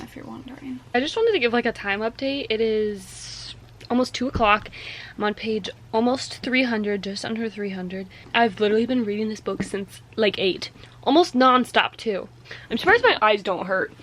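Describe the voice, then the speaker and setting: High-voiced emotional young woman vlogger. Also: lively intonation, moderate pace, fairly bright tone, slight background noise. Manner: gushing, emotional reactions with laughs and exclamations. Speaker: book vlogger. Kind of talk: casual reading vlog chat.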